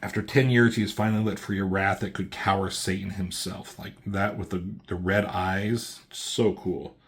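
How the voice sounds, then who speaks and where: A man giving a casual, excited comic book review, swearing freely as he walks through the pages. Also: sits low, normal speed. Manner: excited, loose, swears often.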